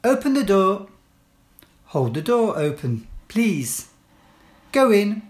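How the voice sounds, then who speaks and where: A woman reading classroom English phrases one at a time, clearly and deliberately, as a language teacher. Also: mid-range voice, big pitch swings. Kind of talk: slow read-aloud list of classroom phrases.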